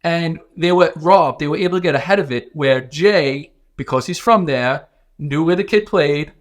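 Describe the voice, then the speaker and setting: A man's voice: on the high side, normal speed. A man co-hosting a podcast in casual chat, rambling with many restarts and fillers. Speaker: podcast co-host.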